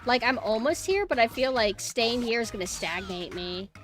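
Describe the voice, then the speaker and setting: A woman streamer talking casually to her viewers, excitable and swearing freely. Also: a little high, moderate pace. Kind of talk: casual live-stream commentary. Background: game music.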